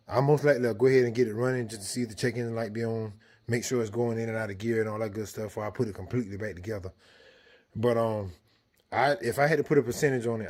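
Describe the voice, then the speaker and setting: This DIY mechanic has a lowish voice with a darkish tone. He casually explains a car repair to viewers step by step as he works in the garage.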